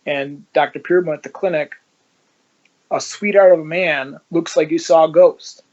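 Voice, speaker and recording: A man's voice: on the high side, normal speed. Blunt, profane middle-aged man. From Cleveland, Ohio, USA. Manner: blunt, profane, animated storyteller. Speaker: guest. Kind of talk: casual storytelling interview. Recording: dull lo-fi audio.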